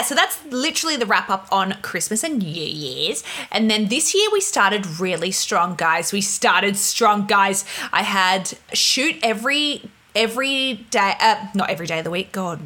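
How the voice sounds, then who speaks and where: A young woman vlogger telling stories casually and with energy, laughing often and acting out the people in them, over a humming laptop. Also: mid-range voice. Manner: animated, laughing, acts out voices in stories. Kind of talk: casual storytelling to camera. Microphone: laptop mic. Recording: laptop fan humming behind.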